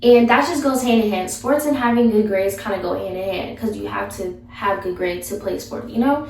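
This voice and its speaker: A woman's voice: medium pitch, fairly quick, a little mellow, slight background noise. A young woman vlogger giving blunt, sassy advice in a casual, chatty way. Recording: echoey room, mic far off.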